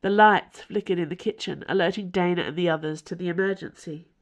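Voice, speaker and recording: A woman's voice: on the low side, brisk. A woman author from Tasmania, reading her fiction aloud as podcast narrator. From Tasmania, Australia.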